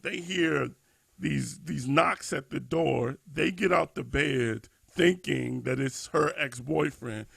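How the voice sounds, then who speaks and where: A man's voice: medium pitch, slow, vocal fry, a bit bright, husky, no echo. A man co-hosting a discussion podcast, thinking aloud with many restarts and fillers. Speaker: podcast co-host.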